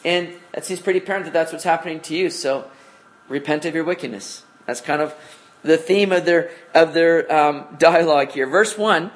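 A man's voice: fairly high pitch, normal speed. A man teaching a conversational evening Bible study, casual in tone and often asking his listeners rhetorical questions.

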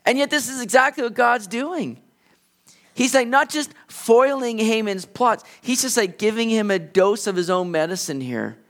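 A male pastor preaching a sermon, retelling a story in an animated, conversational way. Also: sits high, normal speed. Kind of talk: expository sermon.

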